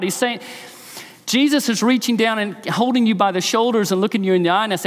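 A man preaching a sermon in an earnest, emphatic way, slowing and speeding up to stress his points. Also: high voice. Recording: long hall reverb.

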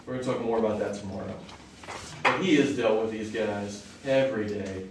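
On the low side and brisk, this man's voice carries a conversational Bible teaching in which he often asks the audience questions. He's recorded from far off in an echoey hall with faint noise.

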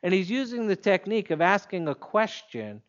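A man preaching an expository sermon in a measured, emphatic way, leaning on pointed pauses. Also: high-pitched, very animated, muffled recording.

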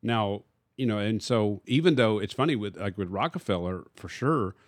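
A man's voice: fairly low pitch, animated, normal speed, no room sound, clean studio sound. A man, a pastor, teaching casually in a discussion and posing rhetorical questions to his listener.

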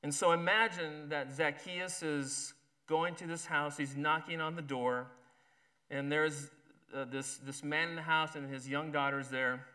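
Bright-voiced male preacher. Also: on the high side, fairly even intonation, measured pace. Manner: reads a story aloud, acting out the characters' lines. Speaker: pastor. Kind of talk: sermon.

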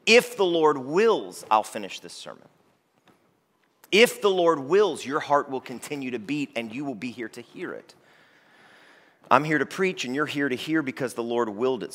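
A man's voice: medium pitch, a bit bright. A male pastor preaching a sermon to his church, emphatic, repeating key phrases and lifting his voice when reading scripture. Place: church sanctuary. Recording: long reverb of a church hall.

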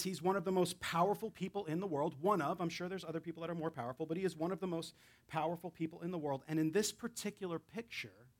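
A man preaching as a guest pastor in a church, casual and chatty with self-deprecating asides. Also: on the high side. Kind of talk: sermon. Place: church sanctuary.

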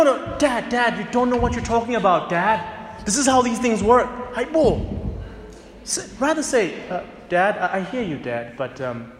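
High-voiced preacher in an echoey hall. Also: male voice. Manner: conversational and direct, with many restarts and emphatic repetition. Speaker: pastor. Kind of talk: sermon. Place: church hall. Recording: echoey hall with long reverb.

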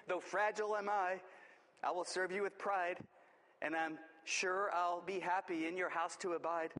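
A man's voice: high-pitched, fairly even intonation, moderate pace, sharp tone, poor audio. Field: figure. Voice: a man doing a prim crystal goblet. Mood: proud. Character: fragile crystal goblet, proud of its clarity.

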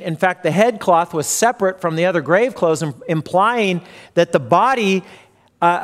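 A man preaching a sermon, retelling a story and briefly acting out the voices in it. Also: high-pitched. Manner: storytelling, acts out quoted voices. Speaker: pastor.

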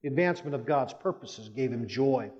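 A man's voice: lively intonation, a little fast, darkish tone. Man preaching a sermon in a reverberant hall. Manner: storytelling, emphatic rises in pitch. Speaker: Baptist pastor. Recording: muffled church hall with long reverb.

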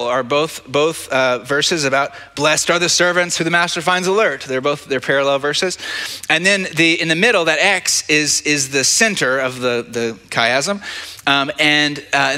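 A pastor preaches a sermon at a church service through a handheld or stage mic. His fairly high-pitched voice has a sharp tone, and he speaks conversationally, repeating words and frequently asking "right?"

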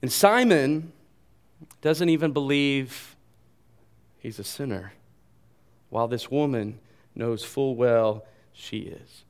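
A male pastor delivering a sermon with a mid-pitched voice. He talks in an animated way and jokes at his own slips. He drops to a hushed tone when he quotes. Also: slow pace, pauses often.

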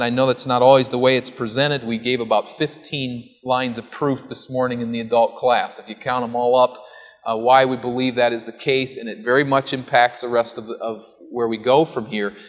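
A man's voice: mid-range voice, fairly bright tone. A man preaching an expository sermon, teaching earnestly and putting rhetorical questions to his listeners before answering them. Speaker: pastor. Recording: long hall reverb.

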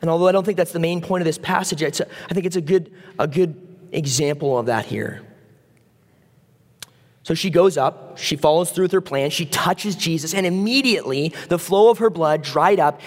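A man with a high voice preaches a sermon in a loose, conversational way. He slips into quick voices for the people in the story. A long hall reverb trails each phrase. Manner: conversational, animated, acts out voices of biblical figures.

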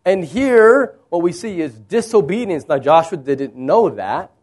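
A man's voice: moderate pace, breathy edge. A male pastor preaching a sermon, moving between plain explanation and dramatic readings of quoted lines. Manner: expressive preaching, acts out quoted lines with rising pitch.

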